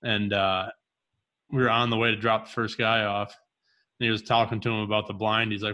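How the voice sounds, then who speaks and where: Podcast co-host, man, low bright voice, lively storyteller. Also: brisk. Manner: animated storyteller, acts out quoted dialogue. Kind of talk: casual storytelling chat.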